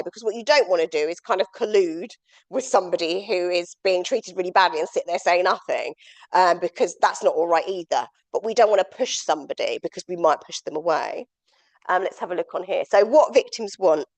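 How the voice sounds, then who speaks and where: Woman trainer, kinda low voice, explains steady w lots of ums. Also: normal speed. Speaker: domestic abuse trainer. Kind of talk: training talk.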